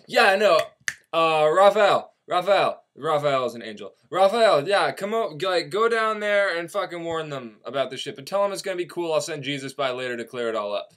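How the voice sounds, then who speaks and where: A man's voice: a little high, lively intonation, normal speed, a bit bright. A man voicing a flippant, careless male God who talks in an offhand, crude way.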